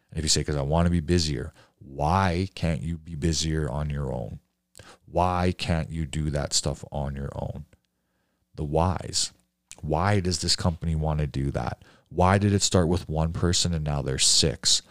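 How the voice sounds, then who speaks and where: A man's voice: very deep voice, a little mellow, no room sound, clean studio sound. A man coaching painting contractors in a blunt, profane rant full of rhetorical questions. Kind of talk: casual rant to a class.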